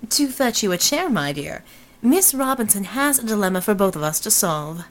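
A woman's voice: mid-range voice, sing-song, moderate pace, lightly acted, low-quality recording. A woman voicing a theatrical male pulp hero, speaking in a florid, courtly, old-fashioned manner. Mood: grandiose.

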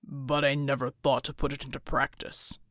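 A woman voicing a big, gruff, protective superhero man who answers in short, low, clipped lines. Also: level tone, moderate pace, fairly bright tone, no room sound, studio quality. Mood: deadpan.

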